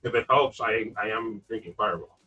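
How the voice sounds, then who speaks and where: A man co-hosting a casual gaming podcast, wry and joking, his volume swinging between loud and soft. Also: on the low side, fairly quick, slightly rough. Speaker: podcast co-host, gaming specialist. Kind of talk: casual chat. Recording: dull lo-fi sound with faint music.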